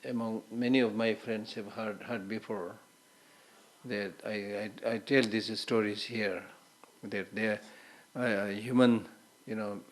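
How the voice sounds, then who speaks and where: A man's voice: on the low side, fairly even intonation, slow pace. A man giving a Buddhist teaching, telling stories in a conversational way, often repeating words and adding short Hindi asides.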